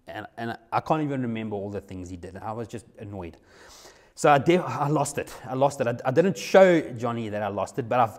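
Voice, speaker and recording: A man's voice: mid-range voice, a little mellow. A young man, a youth pastor telling a personal story in a sermon, conversational and repeating himself. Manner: conversational, repeats himself, acts out his own quoted lines.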